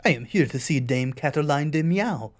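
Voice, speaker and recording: A woman voicing a dignified, formal male bird lawyer in a lowered voice. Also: big pitch swings, moderate pace, darkish tone, faint music behind. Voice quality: deep put-on voice.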